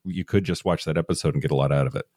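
A man's voice: extremely low pitch, racing, warm tone, no room sound, clean studio sound. A man co-hosting a casual podcast, chatty, laughing often and talking with fillers and restarts. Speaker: podcast co-host.

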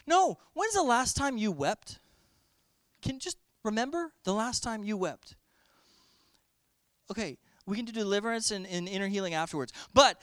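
A man's voice: high-pitched, sing-song, moderate pace, a bit bright, no room sound. A man preaching a sermon, telling a story vividly and explaining word meanings to his listeners.

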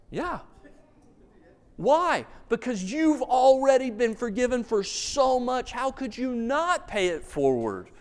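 A man's voice: extremely high pitch, big pitch swings, slow. A man preaching a sermon as pastor, telling a story with emphasis and asking rhetorical questions. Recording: long reverb of a large hall.

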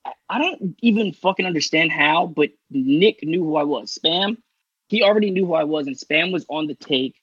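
A man from New York spins a long story in loose, rambling podcast chat, swearing freely and restarting his sentences. His voice sits a little high. The recording is dull and lo-fi, with a dry, close sound. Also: expressive, normal speed, fairly bright tone, slightly rough, dry recording. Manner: rambling, profane, lots of fillers and restarts. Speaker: guest rider telling his story.

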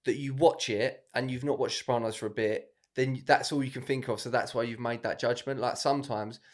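A man's voice: mid-range voice, fairly even intonation, a little fast. A man hosting a comedy podcast, talking in a chatty, opinionated way. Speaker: podcast host. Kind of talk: casual comedy chat.

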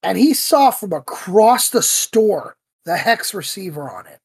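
A man hosting a podcast, telling stories in a casual, animated way and acting out the voices he quotes. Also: high-pitched, unhurried, slightly rough, dry recording. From United States. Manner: animated storyteller who acts out quoted voices. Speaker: podcast host.

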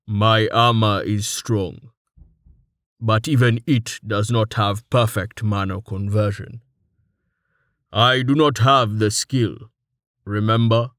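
A stoic armored warrior, as a man voices him, heavy and deliberate, every word formal and unhurried. His voice sits low and very slow, recorded dry and close. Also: fairly even intonation, a bit bright, no room sound. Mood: calm. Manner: slow, measured and formal, no contractions. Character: stoic, dryly humorous armored male warrior.

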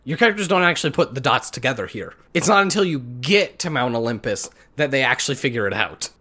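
A man's voice: medium pitch, lively intonation, quick pace, pushed and bright. A man co-hosting a casual podcast, talking sarcastically and laughing often as he recaps a game. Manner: sarcastic, laughs often, puts on voices for quotes. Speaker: podcast co-host.

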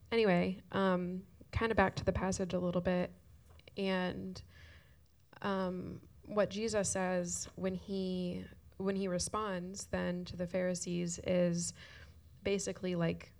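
A woman's voice: fairly low pitch, flat delivery, slow pace, creaky, darkish tone. A woman speaking earnestly in a shared church talk, tearful at times. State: crying at times.

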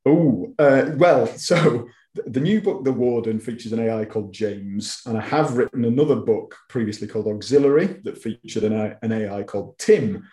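Wigan-accented male author for a relaxed interview; mellow, chatty, self-mocking, recorded in an echoey room. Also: medium pitch, normal speed. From Wigan, England. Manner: chatty, self-deprecating, frequent stammered restarts. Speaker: author guest. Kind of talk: casual interview chat.

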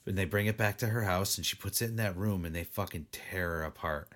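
A man's voice: low voice, fast talker, fairly bright tone. A man co-hosting a casual chat, teasing his co-host in a joking manner and swearing casually. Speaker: podcast co-host.

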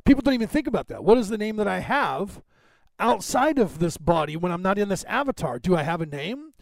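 American guy rambling on his podcast, lots of ums and restarts, kinda high voice, dry sound. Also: very animated, brisk, vocal fry, no echo. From United States. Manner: rambling, many fillers and restarts. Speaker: podcast host. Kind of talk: casual commentary.

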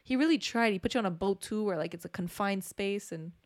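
A woman's voice: mid-range voice, fast. A young woman co-hosting a podcast in casual chat, reacting with teasing remarks. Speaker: podcast co-host.

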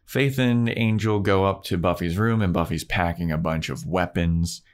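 A man with a very low voice, chatting easily as he recaps an episode. He tells it like a story and keeps breaking into impressions of the characters. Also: normal speed. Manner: animated storyteller acting out scenes. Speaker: podcast co-host. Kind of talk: casual TV recap chat.

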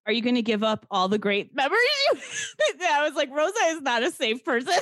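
Woman co-host, sarcastic and profane, lively pitch, dry recording. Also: brisk, dry recording. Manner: sarcastic, swears, acts out characters' lines. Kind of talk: casual chat recapping a movie.

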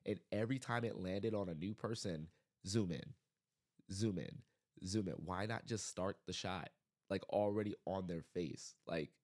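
A man hosting his own podcast, giving a casual, animated movie review full of exasperated rants and restarts. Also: deep voice, normal speed. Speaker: podcast host.

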